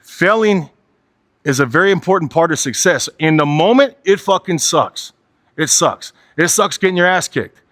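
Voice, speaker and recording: A man's voice: on the high side, lively intonation, normal speed, a bit bright, dry recording, clean studio sound. A man in his forties giving a candid motivational talk, blunt and profane, driving his points home with repetition and a habitual "right?". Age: 40s. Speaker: motivational speaker.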